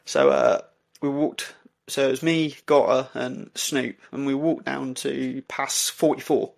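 A man, a podcast co-host, telling a story in casual chat, halting with many fillers and restarts. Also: medium pitch, vocal fry. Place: indoor recording for podcast.

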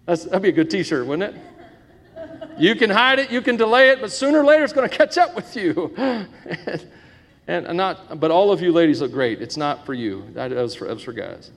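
Middle-aged man, pastor, high voice, playful preaching with questions to the room, echoey church hall. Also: animated, moderate pace. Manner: joking, asks the congregation questions. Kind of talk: sermon. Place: church sanctuary with congregation. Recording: long echo of a church hall.

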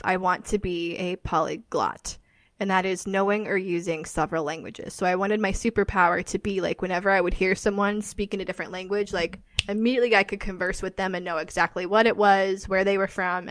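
A woman's voice: mid-range voice, fairly bright tone, no room sound. Chatty woman co-host, dry sound. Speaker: podcast co-host. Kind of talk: casual chat.

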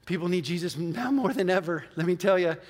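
A man preaches a sermon in a church, his voice sitting fairly high. He speaks earnestly, pressing his listeners with building emphasis and then easing into prayer. The sound carries the long reverb of a large sanctuary. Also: expressive, fairly quick. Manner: earnest, storytelling, rising to emphatic exhortation. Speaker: pastor. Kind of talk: sermon with altar call and prayer.

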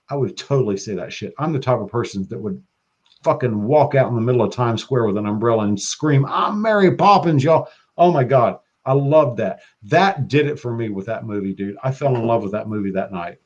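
An excitable man chatting as a podcast guest, swearing freely and jumping into loud bursts. His voice sits mid-pitch. It comes through a dull, lo-fi line. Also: fairly quick, slightly rough. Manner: excitable and profane, breaks into loud quoting. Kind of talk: casual podcast chat. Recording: dull lo-fi sound.

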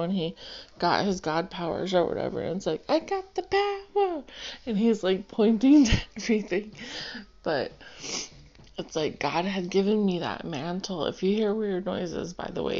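A woman's voice: lowish voice, vocal fry, darkish tone. A woman sharing a personal Christian testimony, earnest and rambling with many fillers, seated indoors. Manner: emotional, close to tears. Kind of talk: personal testimony, casual storytelling. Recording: dull, lo-fi home recording.

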